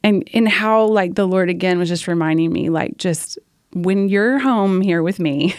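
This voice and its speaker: A woman's voice: on the low side, normal speed, smooth, dry recording, studio quality. A woman worship leader telling stories earnestly in a casual podcast conversation, laughing often.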